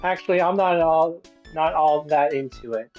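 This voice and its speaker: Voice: mid-range voice, moderate pace, a little mellow, faint music behind, close to an everyday voice. A player reading as a cheerful teenage girl medium, dull lo-fi audio. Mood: playful. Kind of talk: reading visual novel lines aloud.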